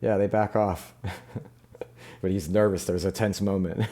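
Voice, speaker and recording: A man's voice: low-pitched, fairly even intonation, measured pace, dark tone. A man narrating as game master of a tabletop game, rambling loosely with plenty of fillers.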